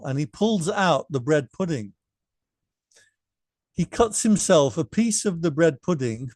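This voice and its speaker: A man teaching meditation in a relaxed, story-telling way and acting out the people in his story. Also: a little high, no echo, studio quality. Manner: relaxed anecdotal, acts out quotes. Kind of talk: storytelling dharma talk. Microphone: remote class microphone.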